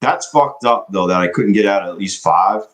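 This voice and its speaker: A man's voice: low-pitched, moderate pace, low-quality recording. A young man day trading live, chatting loosely with his stream viewers and swearing now and then. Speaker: livestream day trader. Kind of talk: casual live-stream chat.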